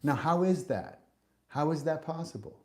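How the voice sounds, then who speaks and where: A man's voice: a little high, expressive, normal speed, a little mellow. A man hosting a podcast, delivering a spiritual monologue in an emphatic, preachy way, cursing and restarting often. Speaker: podcast host.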